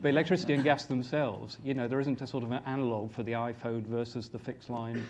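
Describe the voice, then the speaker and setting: A man speaking as an academic panelist at a conference, giving measured and articulate explanations. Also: mid-range voice, steady tone. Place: conference stage. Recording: dull, lo-fi recording with faint noise.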